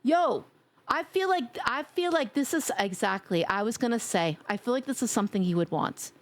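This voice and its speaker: A woman streaming live in a casual, playful chat, teasing her viewers and laughing loudly. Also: expressive, moderate pace. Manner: drops to a low sultry tease at times.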